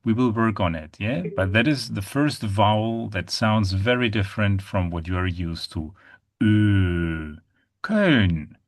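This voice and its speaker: A man's voice: on the low side, no echo, clean studio sound. A man teaching an online language lesson, patiently modelling sounds over a video call. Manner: patient, demonstrates sounds slowly. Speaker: German teacher.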